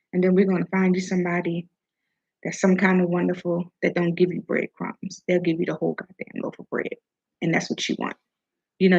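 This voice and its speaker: Gravelly, husky woman giving casual advice. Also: fairly low pitch, a little mellow, highs cut off. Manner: chatty, preachy, swears casually. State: talking with food in her mouth. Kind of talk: casual motivational talk.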